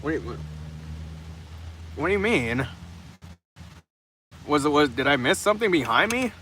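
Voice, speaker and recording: A man's voice: a little high, sing-song, normal speed, bright, forceful tone. A young man live streaming from the open trunk of his car in the rain. He chats casually with viewers in a profane, rambling way, often stumbling and restarting his sentences. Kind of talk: casual chat answering viewers' comments. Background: faint rain and passing traffic.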